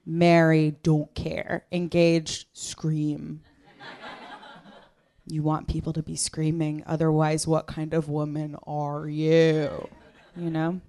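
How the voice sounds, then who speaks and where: A woman comic doing a stand-up set with a dry, deadpan, self-mocking delivery, on a live comedy stage into a handheld mic. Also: sits low, slow.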